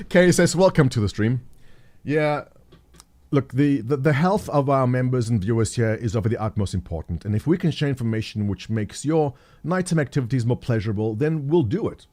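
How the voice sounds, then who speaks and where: A man's voice: medium pitch, animated, moderate pace, darkish tone. A middle-aged man hosting a live stream, chatting casually and jokily with viewers, thinking aloud and reading the chat. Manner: rambling, jokey, thinks aloud, reads chat. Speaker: livestream host.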